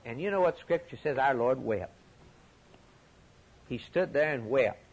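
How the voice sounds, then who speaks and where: A man preaching a sermon with passion, dropping low and quiet, then rising high and loud on key points, often repeating words. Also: animated, unhurried, breathy edge, dull audio. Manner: repeats words when stirred.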